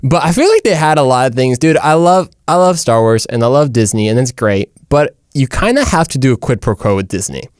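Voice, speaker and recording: A man's voice: mid-range voice, expressive, a little fast, few pauses, no echo, studio quality. Rambling young man joking casually. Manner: rambling, jokey, says "dude" and "like" often. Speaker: host. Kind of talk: casual comedic monologue.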